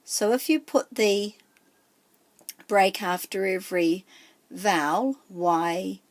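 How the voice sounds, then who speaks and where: A woman, teaching a pronunciation lesson with slow, careful enunciation. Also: mid-range voice, lively intonation. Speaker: te reo teacher and author.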